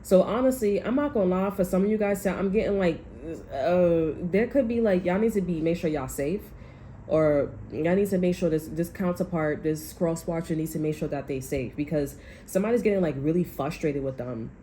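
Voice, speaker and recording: Woman tarot reader, casual monologue, foul-mouthed and rambling, mellow tone, faint hiss behind. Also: on the low side, moderate pace. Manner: blunt, profane, rambling.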